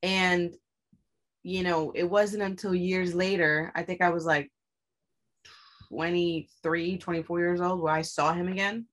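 A young woman with a slightly low voice tells a personal story in casual conversation. She is blunt and emphatic and swears freely as she drives her points home. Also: fairly even intonation, a little slow.

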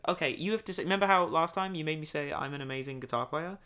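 A man's voice: a little high, racing, smooth. A young man, co-hosting a podcast in casual chat, telling stories with swearing and laughter. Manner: animated storyteller, swears casually, laughs a lot. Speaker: podcast co-host.

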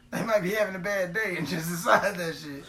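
A man's voice: high voice, bright, forceful tone. A man hosting a podcast in casual comedic chat, profane and boisterous, laughing often, tired late at night. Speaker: podcast host.

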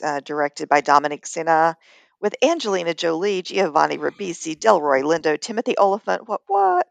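Gravelly low woman, blunt and teasing. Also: no echo. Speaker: podcast co-host. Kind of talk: casual movie-ranking chat.

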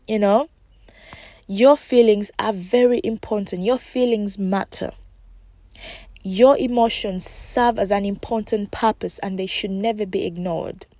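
A woman's voice: medium pitch, steady tone, measured pace, dark tone, no echo. A woman hosting her own podcast as a life coach, speaking straight to her listeners in an encouraging way and repeating her key points. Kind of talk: casual solo podcast talk.

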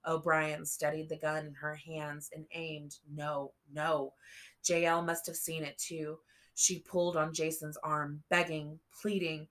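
A woman reading a novel aloud as an audiobook narrator, slow and measured. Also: low-pitched, level tone, a bit bright. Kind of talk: scripted narration.

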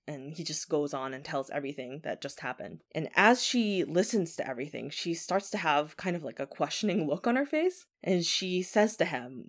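A woman tells a ghost story in a relaxed, conversational way. She often says 'like' as she talks. Her voice sits a little low. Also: moderate pace, hardly any pauses. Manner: chatty, filler 'like' often. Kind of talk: casual spoken ghost story.

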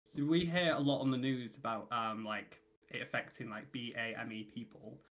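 A British man hosting a podcast, asking casual, halting questions full of "like" and "um". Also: medium pitch, fairly even intonation, a bit bright. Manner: halting, filler-heavy questioning. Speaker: podcast host.

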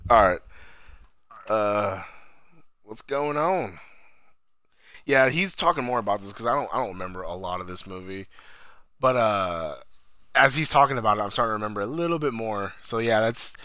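Low, lively-voiced man in casual chat. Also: normal speed, pauses often, dry recording, clean studio sound. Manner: laid-back, questioning, swears casually. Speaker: podcast co-host. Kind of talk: casual movie review chat.

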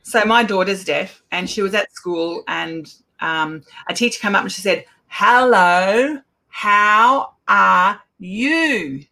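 A middle-aged woman, an Auslan educator giving a casual talk with lively anecdotes and acted-out exchanges. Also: fairly low pitch, moderate pace, vocal fry, few pauses. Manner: animated storyteller, acts out quoted exchanges.

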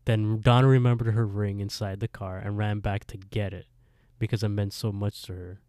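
Low mellow dude retelling a spooky episode, doing all the lines, dry close sound. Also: male voice, moderate pace, no echo. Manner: animated retelling, switches between characters' lines, laughs often. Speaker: podcast co-host recapping an episode. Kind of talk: casual chat, retelling a plot with quoted dialogue.

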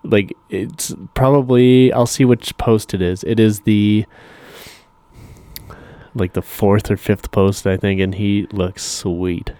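A man's voice: on the low side, fairly even intonation, slow pace, dark tone, dry recording. A man co-hosting a casual podcast chat, easygoing and upbeat, swearing casually. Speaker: podcast co-host.

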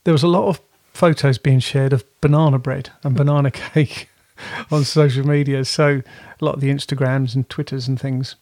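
A man's voice: mid-range voice, fairly even intonation, moderate pace, darkish tone, no echo, clean studio sound. Man chatting casually at home. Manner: rambling, self-correcting. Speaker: podcast co-host. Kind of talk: casual chat.

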